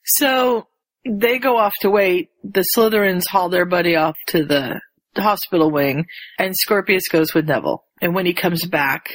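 A woman casually retelling a story as a podcast co-host, animated and quick to jump into high voices for the people she quotes. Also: no room sound, rough recording. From rural area with chicken farms. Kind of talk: casual chat.

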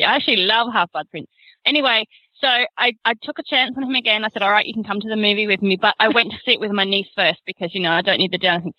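Married woman, chatty storyteller, bright tone, dry recording. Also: medium pitch, no room sound, rough recording. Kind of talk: casual storytelling chat.

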